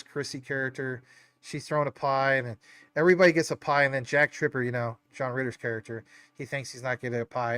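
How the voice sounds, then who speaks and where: A man's voice: mid-range voice, a bit bright, no echo. Rambling man with a stuffy nose. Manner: rambling, many fillers and tangents. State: stuffy nose, a little choked up. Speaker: livestream host. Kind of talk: casual live chat.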